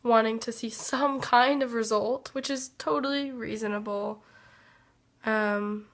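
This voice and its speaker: A woman with a hoarse voice from being sick, giving a hesitant, reflective personal life update as a vlogger. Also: a little high, fairly even intonation, fairly bright tone. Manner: slow, hesitant and reflective, many pauses and fillers. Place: workplace.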